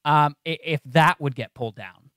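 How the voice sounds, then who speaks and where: A man's voice: on the high side, moderate pace, a bit bright, smooth, dry recording, clean studio sound. A man co-hosting a podcast in casual chat, telling stories emphatically with many restarts. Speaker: podcast co-host. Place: podcast studio.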